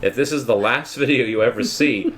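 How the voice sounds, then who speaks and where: A playful male host who jokes his way through a relaxed tasting chat. His voice sits at an ordinary pitch, with a faint hiss of noise under the recording. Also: brisk. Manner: joking, playful. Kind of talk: casual chat.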